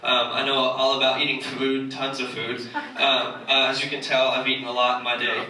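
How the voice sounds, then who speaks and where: Bright man preaching in an echoey hall. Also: medium pitch, little pitch movement, normal speed, far from the mic. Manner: joking, conversational, self-mocking. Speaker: church speaker. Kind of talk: casual sermon. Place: church hall.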